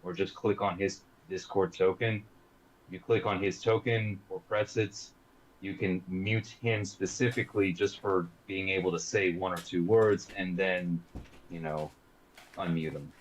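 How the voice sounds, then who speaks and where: A man's voice: sits low, steady tone, measured pace. A man playing a tabletop game over a voice call, explaining things at length in a laid-back way. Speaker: player. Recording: muffled voice-call audio with faint hiss.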